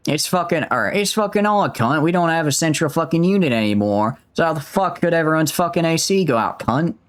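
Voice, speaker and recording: Man doing a gruff swearing game character, exaggerated mock-Australian accent, slightly raised voice, lively pitch. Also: fairly quick, close to an everyday voice. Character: foul-mouthed gruff male game character.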